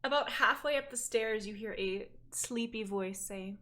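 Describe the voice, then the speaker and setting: A woman's voice: fairly high pitch, normal speed, background noise. A woman narrating as game master, hesitant with fillers and self-mocking.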